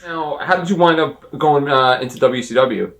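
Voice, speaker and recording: A man's voice: fairly high pitch, normal speed, a bit bright, far from the mic. A male interviewer who reacts with short comments and chuckles and asks questions.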